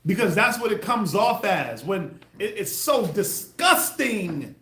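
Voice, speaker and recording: A man preaching with a high voice that swings wide in pitch. He keeps breaking into loud acted-out quotes, and the room around him is echoey. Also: slight background noise. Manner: animated, acts out quoted voices with loud bursts. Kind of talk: street sermon teaching.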